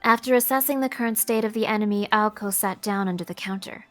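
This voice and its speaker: Woman reading game narration out loud, mid pitch, steady and expressive, faint music behind. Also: quick pace. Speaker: narrator reading a visual novel. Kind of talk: dramatic narration read aloud.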